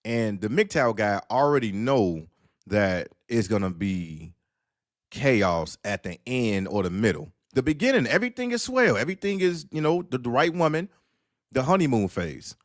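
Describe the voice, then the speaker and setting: A man's voice: mid-range voice, sing-song, normal speed, no room sound, studio quality. A man on an online talk panel, ranting in a casual, emphatic and repetitive way and acting out the voices in his stories. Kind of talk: casual commentary rant.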